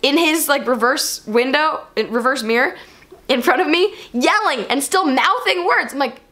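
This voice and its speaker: A woman vlogger recounts a personal story straight to camera in a chatty, expressive way. Her voice sits high and swings up and down a lot as she talks. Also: normal speed.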